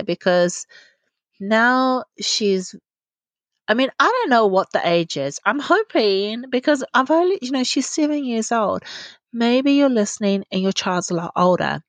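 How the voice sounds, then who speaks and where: A woman's voice: mid-range voice, lively intonation, unhurried, no echo. A woman in her thirties hosting a solo parenting podcast, talking candidly and laughing at herself often. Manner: candid and confiding, laughs often, self-deprecating. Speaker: podcast host. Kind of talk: reflective solo podcast talk.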